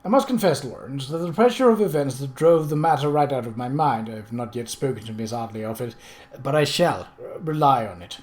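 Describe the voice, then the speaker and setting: A man voicing a kindly country gentleman who speaks in a polite, formal way. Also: medium pitch, expressive, fairly quick, natural voice. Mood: apologetic.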